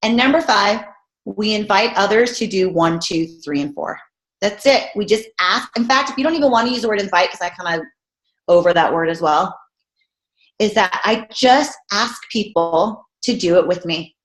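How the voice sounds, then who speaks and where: A woman's voice: medium pitch, a little fast. A woman fitness coach giving a casual, jokey motivational talk in a chatty, bubbly manner. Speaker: fitness coach guest speaker. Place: room, online hangout. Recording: roomy echo.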